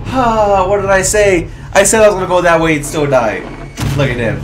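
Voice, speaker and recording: Swearing, animated male gamer. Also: sits high, a little slow, background noise. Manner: profane, laughing, animated reactions to the game. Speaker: gaming streamer. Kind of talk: casual gameplay commentary.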